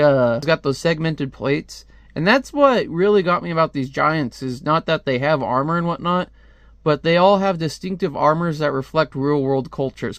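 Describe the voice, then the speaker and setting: A man's voice: on the high side, no room sound. A man casually reviewing a comic book, talking in a rambling, chatty way with lots of fillers.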